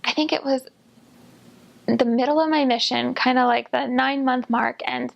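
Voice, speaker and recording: High, gravelly-voiced young woman. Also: steady tone, muffled recording. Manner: upbeat, self-deprecating, quick to laugh. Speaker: returned missionary. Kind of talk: casual storytelling.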